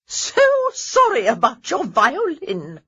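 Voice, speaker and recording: A woman's voice: fairly high pitch, wildly swooping pitch, slow pace, bright, forceful tone, husky, muffled recording, voice pushed up, full character voice. A woman voicing a grand, imperious elderly lady who barks her pronouncements. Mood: barking.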